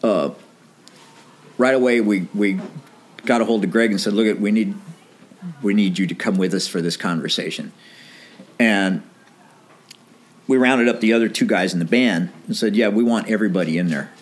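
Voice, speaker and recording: Man telling a lively band anecdote. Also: lowish voice, normal speed, pauses often. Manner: animated anecdote with quoted dialogue, laughs often. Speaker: guest telling a story. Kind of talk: casual storytelling.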